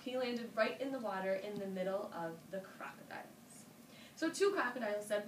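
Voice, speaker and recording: A woman telling a folk tale to children, animated and inviting her listeners to join in. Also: a little high, a little fast. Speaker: storyteller. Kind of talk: interactive storytelling for children. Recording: roomy, distant mic with ambient noise.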